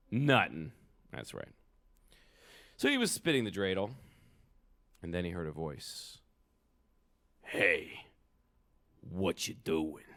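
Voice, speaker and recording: A man's voice: on the low side, clean tone. A man reading a picture book aloud to children at a live event, playful and asking the kids for details.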